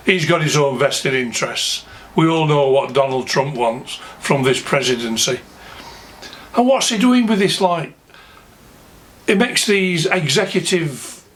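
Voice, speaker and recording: A man's voice: on the high side, a bit bright. A man with a Yorkshire accent ranting to camera, angry, indignant and scornful. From England. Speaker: vlogger. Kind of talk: political rant to camera.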